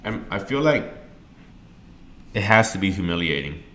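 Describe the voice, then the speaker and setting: A middle-aged man hosting a podcast, telling a candid personal story earnestly and with emotion, getting loud and animated as he tells it. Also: deep voice, normal speed. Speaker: podcast host.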